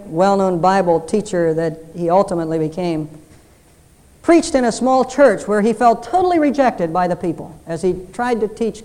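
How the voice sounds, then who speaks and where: A man pastor delivers a sermon in a warm, mellow voice. He swings from strong, raised emphasis to quiet, hushed appeals. He drives his points home by repeating key phrases. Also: high voice. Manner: earnest preaching that swings between loud emphasis and hushed appeals.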